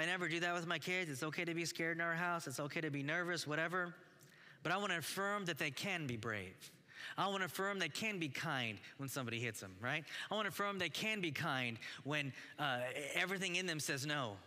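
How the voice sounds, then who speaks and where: A man in his thirties preaching earnestly to fathers, his voice bright and forward. He stops and restarts often as he exhorts. A long reverb trails behind every phrase, as in a large hall. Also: fairly high pitch. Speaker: pastor. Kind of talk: sermon.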